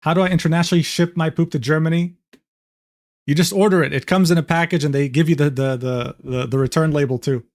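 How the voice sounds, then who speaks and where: A male streamer in casual, profane commentary, his voice sitting a little high for a man. The sound is close and dry, with no room around it. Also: fairly even intonation, quick pace, no echo. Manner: casual, swears freely, laughs often. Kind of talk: casual commentary reading DMs aloud.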